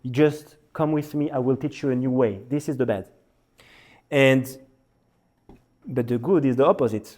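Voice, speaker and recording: A man, a rabbi, giving a lesson as an animated story, repeating words for emphasis. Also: mid-range voice. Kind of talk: storytelling sermon. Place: synagogue hall.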